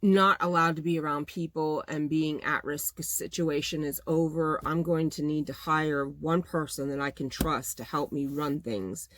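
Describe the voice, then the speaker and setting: A middle-aged woman chatting casually to her viewers, venting in an exasperated, talkative way about running her small business. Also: low-pitched. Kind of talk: casual chat to camera.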